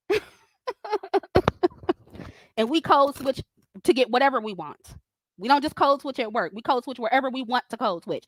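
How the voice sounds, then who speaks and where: A woman's voice: fairly high pitch, a bit bright, dry recording. A woman hosting a livestream, ranting at critics in a confrontational, profane way, laughing often as she reads super chats.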